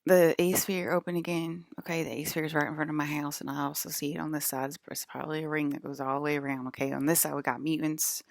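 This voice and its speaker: A woman's voice: deep voice, little pitch movement, fast, vocal fry, few pauses, no room sound. Woman, vlogger, rambling monologue, frequent laughter, swearing, dry close sound. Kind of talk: casual rambling monologue to camera. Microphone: camera.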